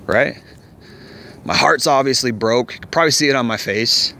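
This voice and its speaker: A man's voice: medium pitch, lively intonation, brisk, pushed and bright, slight background noise. A man telling a personal story in casual, rambling vlog style, candid and profane, repeating himself as he goes. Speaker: vlogger.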